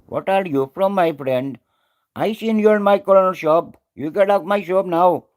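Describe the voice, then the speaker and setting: Man putting on an Indian shopkeeper, high and scolding. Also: normal speed, darkish tone, close to an everyday voice. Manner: accusing, scolding. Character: pushy male corner-shop owner from India.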